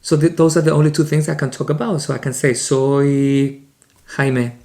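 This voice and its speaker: A man from Spain with a Spanish accent, teaching a beginners' language lesson in an upbeat way, slowing down for the example sentences. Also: fairly high pitch, steady tone, creaky, darkish tone.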